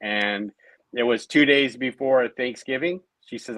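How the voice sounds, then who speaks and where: A man's voice: medium pitch, unhurried, a bit bright, dry recording, rough recording. A man in his late thirties, a guest in an interview, telling his personal recovery story in a conversational way, often adding "right?" and "you know". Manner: conversational, many tag questions and fillers.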